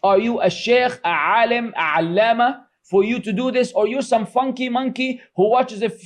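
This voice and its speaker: A man's voice: very high-pitched, moderate pace. A middle-aged man teaching a religious class, scolding and sarcastic, chatty and full of fillers as he mocks his critics. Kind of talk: informal religious class lecture.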